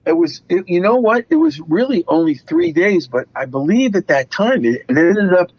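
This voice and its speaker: A man tells stories from his acting career in an animated way, jumping into the voices of the people he quotes. His voice sits a bit high. The sound is dull and dry, with no room around it. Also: normal speed, husky, no room sound. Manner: animated storyteller acting out quotes, laughs often. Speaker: actor, interview guest. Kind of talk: anecdotal storytelling.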